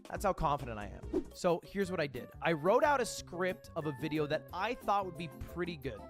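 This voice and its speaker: A man's voice: a little high, big pitch swings, brisk, music in the background. A man narrating his own vlog, upbeat and confident with a self-deprecating edge. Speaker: YouTuber.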